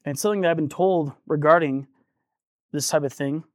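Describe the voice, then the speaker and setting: A man's voice: on the high side, fairly quick, no echo, clean studio sound. A man preaching a sermon in a conversational, earnest way, acting out the voices of people in the text as he goes.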